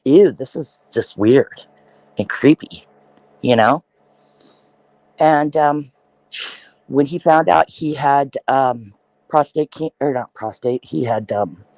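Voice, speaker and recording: A woman's voice: sits low, a little mellow, no echo, rough recording. A woman from Iowa telling a family story in casual chat, acting out the voices of the people she quotes. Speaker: podcast host.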